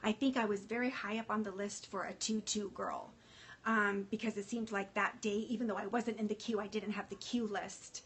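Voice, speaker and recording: A woman's voice: medium pitch, fairly even intonation, normal speed, a bit bright, husky. A woman chatting casually to her livestream viewers, emotional and rambling, with many fillers and restarts, greeting viewers by name. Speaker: fashion consultant livestreaming to followers.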